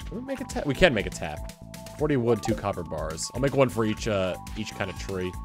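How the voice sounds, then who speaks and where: A man's voice: on the low side, brisk, over music. A man chatting casually while playing a game on a live stream and reading out subscriber thanks. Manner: animated, reads out subscriber thanks. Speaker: streamer, co-player.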